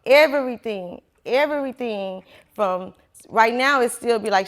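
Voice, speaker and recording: A woman's voice: on the high side, moderate pace. A woman who owns a small business, giving a casual motivational talk to a class and acting out quoted voices as she goes. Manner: animated, acts out quoted voices, laughs often.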